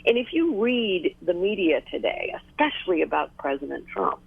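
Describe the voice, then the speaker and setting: A woman guest on a talk radio call-in, making her points in numbered order in a measured way. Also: lowish voice, very animated, gravelly, husky, no room sound. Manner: measured, lists points one by one. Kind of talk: phone interview on talk radio. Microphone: telephone. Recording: tinny phone line.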